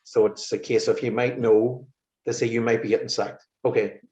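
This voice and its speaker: A man's voice: mid-range voice, moderate pace, slight background noise. A man, a musician guest on an interview, telling exasperated stories in casual chat. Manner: lively, exasperated anecdotes with laughs. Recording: roomy, slightly muffled recording.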